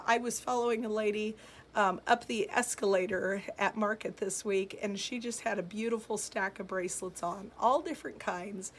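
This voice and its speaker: A woman's voice: mid-range voice, slight background noise. A woman hosting a live jewelry sale from her shop, chatting in an upbeat way and answering viewer comments. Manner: chatty and upbeat, with frequent fillers and laughs. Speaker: host of a live jewelry shopping stream.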